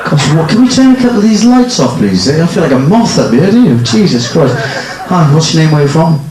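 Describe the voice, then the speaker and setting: A man's voice: on the high side, very animated, a little fast. A man working as a stage hypnotist, teasing volunteers and the crowd with cheeky banter during a live nightclub show. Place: nightclub stage in front of an audience. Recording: echoey club, loud music and crowd.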